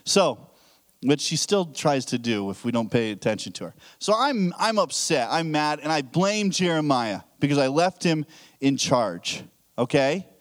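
High, lively-voiced pastor in his thirties. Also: a little slow. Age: 30s. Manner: conversational, jokes with the congregation, asks questions. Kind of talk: casual sermon.

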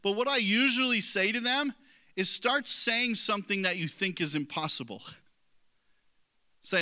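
A man's voice: high-pitched, moderate pace, long pauses, pushed and bright. A middle-aged man preaching a sermon as a pastor, earnest and conversational, with self-deprecating asides to the congregation.

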